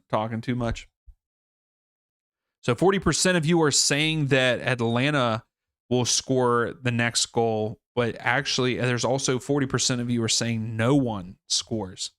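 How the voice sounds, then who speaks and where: A man's voice: medium pitch, measured pace, fairly bright tone, no room sound, clean studio sound. A man hosting a live soccer watchalong stream, chatting casually and thinking aloud with fillers and restarts. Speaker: livestream watchalong host.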